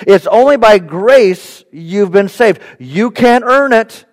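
High-voiced man preaching in a reverberant hall. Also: lively intonation, takes it slowly. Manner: emphatic, repeats key points. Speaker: pastor. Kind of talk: sermon. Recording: long reverb in a large hall.

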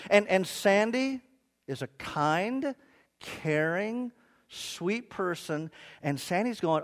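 A middle-aged man preaching a sermon as a pastor, telling humorous stories with animated delivery and stammered restarts like "and, and, and". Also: fairly high pitch, unhurried.

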